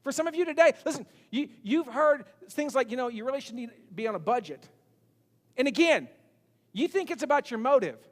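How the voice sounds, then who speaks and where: High-voiced male pastor in a reverberant church. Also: expressive, brisk. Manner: conversational, repeats words, acts out quotes. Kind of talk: sermon. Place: church sanctuary. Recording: long reverb of a large church hall.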